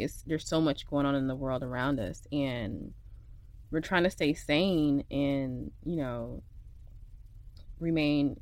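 Her voice sits low and the recording has no room sound. A young woman podcasting from a makeshift home studio vents emotionally in a relaxed monologue, laughing as her frustration spills out.

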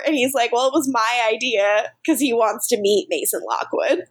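A woman's voice: on the high side, steady tone, a little fast, few pauses. A woman co-hosting a podcast, animatedly recapping episodes in casual chat and laughing often. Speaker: podcast co-host.

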